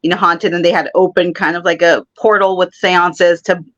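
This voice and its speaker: A woman's voice: on the low side, moderate pace. Woman host with dull-sounding audio. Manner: relaxed, asks questions. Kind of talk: casual interview chat.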